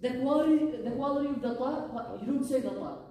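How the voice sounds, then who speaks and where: A woman's voice: high voice, fast talker, mellow, far from the mic, a little hiss or hum. A woman teaching a Quran recitation class, explaining the rules and drilling phrases aloud, often checking with her students. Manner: explains patiently, drills Arabic phrases aloud, asks "huh?" to check understanding. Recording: very echoey room, voice picked up from afar.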